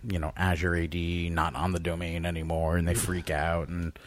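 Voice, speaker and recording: A man's voice: low voice, normal speed. A man, co-hosting a podcast in casual chat, sounding sick and telling stories with lots of swearing. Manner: swears a lot, animated storyteller. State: sick, deep-voiced. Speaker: podcast co-host.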